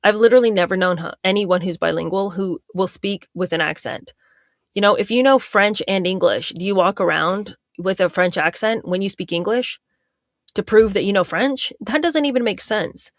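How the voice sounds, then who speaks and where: A woman's voice: medium pitch, moderate pace, dry recording, studio quality. A woman commenting casually with a sarcastic, incredulous manner. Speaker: guest commentator.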